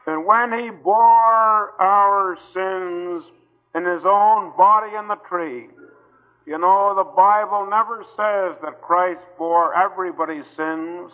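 A high-voiced man preaches an old-time gospel sermon at a slow, deliberate pace. He pleads earnestly with his listeners, leaving long pauses between phrases. The recording is thin and phone-like, with a long reverb from the hall.

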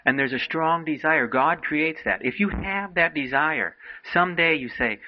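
A man's voice: on the high side, normal speed, hardly any pauses, dull audio, background noise. A man preaching a sermon to young people, earnestly exhorting and quoting old-fashioned scripture. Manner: earnest exhorting, quotes King James scripture.

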